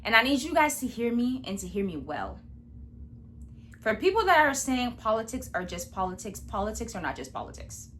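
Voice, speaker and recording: A woman vlogger talking in a blunt, profane and animated rant, speaking indoors in a room at home. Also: fairly high pitch, moderate pace, a little hiss or hum. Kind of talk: casual commentary rant.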